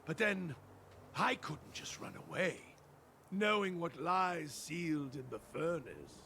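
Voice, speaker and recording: Brief: a nervous, over-polite official for a game, posh RP accent, high voice with swooping intonation. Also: male voice, lively intonation, takes it slowly, bright, forceful tone, slight background noise, exaggerated voice. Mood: anxious, formal. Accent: posh English received pronunciation. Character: fretful formal male official, anxious and overly polite. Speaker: game character. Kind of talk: video game voice acting.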